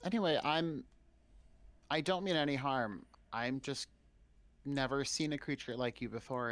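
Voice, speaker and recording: A man's voice: mid-range voice, a bit bright, dry recording. A man speaking in character in a tabletop game, hesitant and rambling. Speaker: player.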